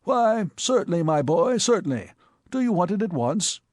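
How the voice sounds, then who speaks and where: A fussy, self-satisfied old gentleman, put on by a male narrator in an audiobook, beaming over everyone's business. His voice rides high and swoops about with hearty emphasis. The recording is close and dry. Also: very animated, moderate pace, no echo. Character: genial, pompous elderly uncle, a titled gentleman. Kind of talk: audiobook character voice.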